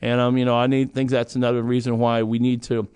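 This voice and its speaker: A man's voice: mid-range voice, monotone, fast talker, a little mellow, clean tone. A middle-aged man talking casually as a host, rambling with restarts and fillers and chuckling now and then. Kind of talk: casual conversational chat.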